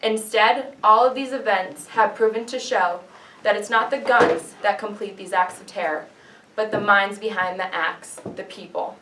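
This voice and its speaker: A woman's voice: medium pitch, steady tone, normal speed, a bit bright, slight background noise. A young woman delivers a persuasive class speech in an earnest, declamatory way, asking rhetorical questions. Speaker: student giving a class speech. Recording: echoey classroom from far off.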